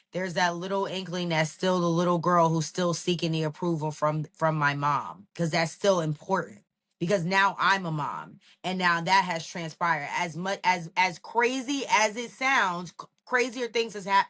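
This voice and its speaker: A woman in her thirties co-hosting a podcast, talking in an animated, emphatic way. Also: fairly low pitch, measured pace. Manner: animated, emphatic, talks straight to people. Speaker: podcast co-host. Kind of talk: casual recap chat.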